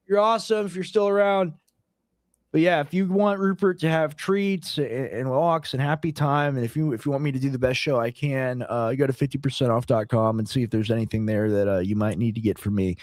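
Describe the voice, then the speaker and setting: A man's voice: medium pitch, brisk, no room sound. Rambling man with a dry sound. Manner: rambling, heavy use of "like" fillers. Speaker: co-host. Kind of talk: casual livestream chat.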